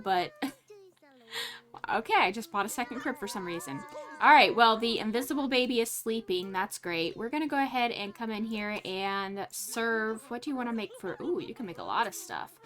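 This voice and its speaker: A woman narrating her life-sim game in chatty let's play commentary. Her fairly high voice swings up and down, and she reacts aloud with laughs and quick exclamations. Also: big pitch swings, sharp tone. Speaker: gaming channel host.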